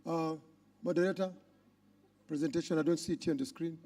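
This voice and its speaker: A man with a Ugandan accent hosting a conference on stage, loudly introducing speakers to the crowd. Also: on the high side, a little fast. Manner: loud, animated announcing to a crowd. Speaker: conference emcee.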